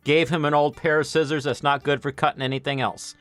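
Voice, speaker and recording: A man's voice: a little high, little pitch movement, a little fast, a bit bright, no room sound, soft background music. A man in his late thirties streaming a game, chatting casually and rambling into practical advice. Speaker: gameplay streamer. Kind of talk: casual chat over gameplay.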